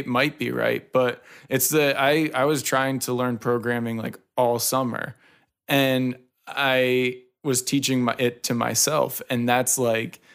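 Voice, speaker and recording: A young man in his twenties chatting on a podcast. His voice has a gravelly fry to it, and he rambles along, packing his talk with fillers. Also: mid-range voice, fairly bright tone. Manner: rambling, full of "like". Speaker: podcast co-host. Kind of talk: casual chat.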